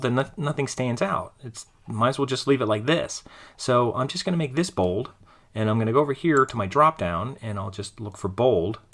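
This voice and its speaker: A man teaching a design class, talking casually through each step of a screen-recorded software tutorial as he clicks along. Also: fairly low pitch. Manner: relaxed, thinking aloud while clicking through steps.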